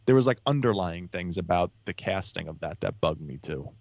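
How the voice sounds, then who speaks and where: A man with a very deep voice talks loosely as a podcast guest, restarting his sentences again and again. The recording is dull and lo-fi, dry with no room sound. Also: expressive, fairly quick, vocal fry, darkish tone, no room sound. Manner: rambling, many restarts and fillers. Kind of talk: casual podcast chat.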